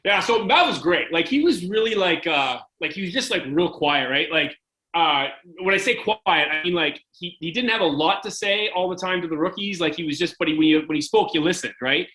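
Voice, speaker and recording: Chatty man telling stories, bright voice. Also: on the high side, lively intonation, fairly quick, low-quality recording. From Canada. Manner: rambling, lots of "like" and "right?". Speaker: podcast guest, former hockey goalie. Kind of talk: casual interview storytelling.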